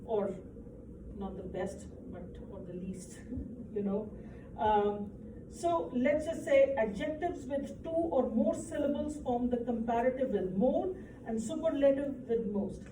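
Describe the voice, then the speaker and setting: A woman with a voice on the high side teaches an English grammar lesson a little slowly. She explains patiently to the class, often checking in with "right?", captured by a distant mic in an echoey room with faint noise.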